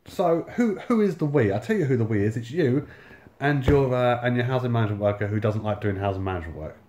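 A man's voice: medium pitch, lively intonation, quick pace, a little mellow, reverberant. Sardonic sweary man in his thirties. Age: 30s. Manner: sardonic, sweary, lots of reported speech. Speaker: vlogger telling a personal story. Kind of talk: casual storytelling monologue.

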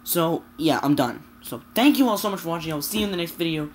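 A woman's voice: low voice, expressive, fast talker, darkish tone, a little hiss or hum. A young woman vlogger ranting to camera, sweary and exasperated, stumbling over her words. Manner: sweary, exasperated, stammering restarts. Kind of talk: angry rant to camera.

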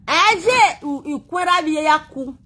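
A woman's voice: extremely high pitch, lively intonation, unhurried, sharp tone. A Nigerian woman vlogging a heated, defensive, rambling rant to her viewers. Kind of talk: emotional personal rant to viewers.

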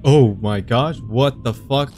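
A man's voice: mid-range voice, slow, a little mellow, soft background music. Jumpy, swearing young man playing horror. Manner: jumpy, swears a lot, easily startled; rambling, self-mocking venting. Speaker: gaming video creator. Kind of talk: horror game commentary.

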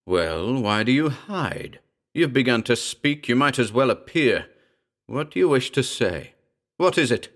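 A man's voice: lowish voice, expressive, measured pace. A man reading the part of a bitter, brooding writer who speaks in a tense, agitated way, in a horror audiobook.

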